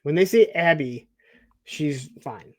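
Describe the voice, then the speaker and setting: A man's voice: fairly high pitch, takes it slowly, dry recording. Chatty man retelling a TV episode. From suburbs of Detroit. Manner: animated storytelling, acts out characters' lines, laughs often. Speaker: podcast co-host. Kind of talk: casual TV recap chat.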